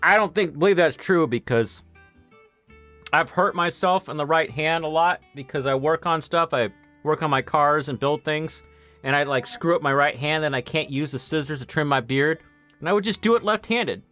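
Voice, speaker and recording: A man's voice: on the high side, normal speed, sharp tone, soft background music. Rambling man chatting while gaming. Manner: rambling, gives practical advice with a laugh. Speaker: gameplay streamer. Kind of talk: casual chat over gameplay.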